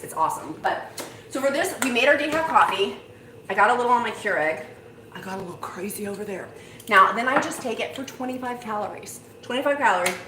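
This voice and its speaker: A woman's voice: fairly low pitch, a bit bright. A woman hosting a casual live stream, chatty and bubbly, reading viewer comments aloud. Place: home kitchen. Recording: echoey room, faint noise.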